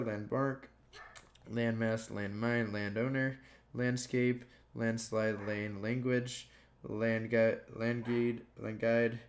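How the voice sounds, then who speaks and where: A man slowly reading dictionary words aloud one by one, stumbling and restarting now and then. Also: mid-range voice. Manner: slow, plodding word-by-word reading with stumbles. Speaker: gaming youtuber.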